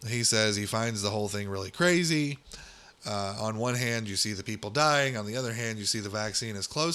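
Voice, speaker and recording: Low-voiced sarcastic man ranting. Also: fairly quick, pushed and bright, smooth. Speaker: podcast host. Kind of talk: solo political commentary podcast.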